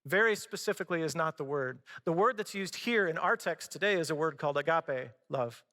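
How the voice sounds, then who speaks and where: A man's voice: a little high, animated, brisk, bright, forceful tone. A middle-aged man, a pastor, preaching a sermon in a conversational way with personal stories. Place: church sanctuary. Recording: long hall reverb.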